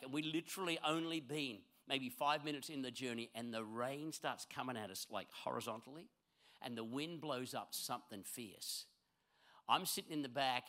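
A man preaching a sermon, swinging from loud, emphatic lines to hushed ones. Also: medium pitch. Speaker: pastor.

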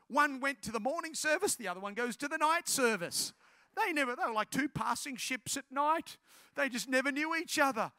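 A man preaching a sermon as a pastor. He tells a lively story, then preaches directly and repeats key phrases for emphasis. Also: very high voice, moderate pace, dry recording.

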